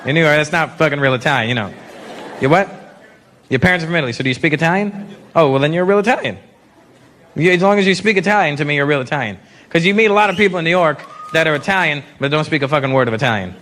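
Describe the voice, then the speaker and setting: A man's voice: fairly high pitch, very fast. A man performing profane stand-up comedy on stage, acting out characters with audience laughter behind him. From Canada. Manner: animated, profane, acts out characters. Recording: live stage mic with crowd noise.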